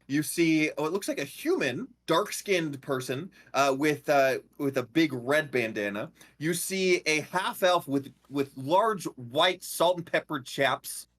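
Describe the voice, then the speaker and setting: Halting man narrating as game master. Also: on the high side, expressive, a bit bright. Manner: halting, many fillers.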